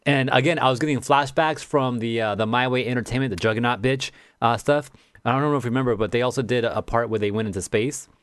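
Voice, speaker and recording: In this clean studio recording with no echo, a man co-hosts a casual podcast chat. His voice sits at medium pitch and moves at a quick pace, smooth as he rambles through stories, laughs often, and swears freely.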